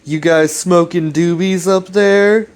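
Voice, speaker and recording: A man's voice: sits high, fairly even intonation, slow, pitched above the performer's own voice. A man putting on the voice of a joking middle-aged dad teasing teenagers, with playful questions.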